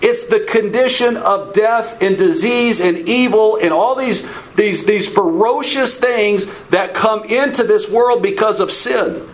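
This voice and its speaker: High-voiced man teaching a Bible study. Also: measured pace, rough recording. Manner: informal, repeats words, checks in with "okay?"; asks the audience questions.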